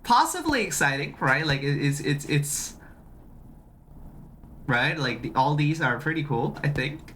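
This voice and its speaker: Streamer, animated pitch, bright tense tone, casual stream chat, repeats itself. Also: a little slow, pauses often, slight background noise. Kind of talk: casual live-stream chat demoing a project.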